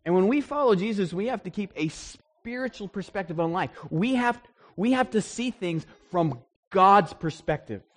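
A man preaching a sermon in an animated way, acting out the voices he quotes. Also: high voice, moderate pace, hardly any pauses. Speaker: pastor.

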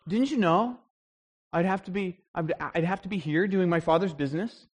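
A man preaching a sermon in an animated way, acting out the voices he quotes. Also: high-pitched, normal speed. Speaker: pastor.

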